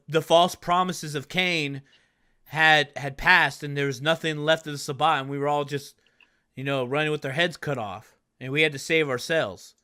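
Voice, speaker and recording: A man voicing a wary, weary sibling who speaks haltingly and quietly. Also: on the high side. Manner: halting, hushed, uncertain.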